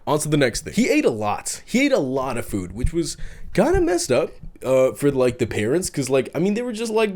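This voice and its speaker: A young man retells folk legends for his vlog, rambling and swearing through exaggerated outbursts. His voice sits a little high and leaps all over the place as he rants. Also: darkish tone. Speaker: YouTube host. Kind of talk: comedic storytelling vlog.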